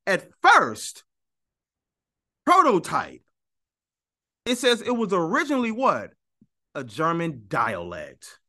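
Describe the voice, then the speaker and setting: Animated, argumentative man with a bright voice. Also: sits high. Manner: emphatic, argumentative, repeats for stress. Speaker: YouTube teacher. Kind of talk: animated teaching monologue.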